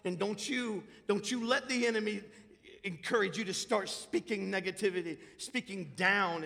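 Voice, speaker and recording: Emphatic preacher with a bright voice. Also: male voice, high-pitched, moderate pace, gravelly. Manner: emphatic, exhorting, swings from loud to hushed. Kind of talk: sermon. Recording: long hall reverb.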